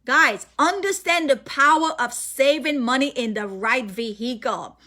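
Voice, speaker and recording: A woman giving an energetic, emphatic sales presentation as a financial presenter, repeating key points to her audience. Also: high voice, measured pace.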